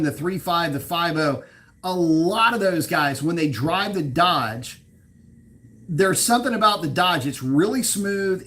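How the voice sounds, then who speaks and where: A man's voice: sits high, fairly bright tone. A man hosting a casual live car chat, reading viewers' comments aloud and riffing on them, swearing now and then and laughing at his own slips. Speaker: livestream host reading chat.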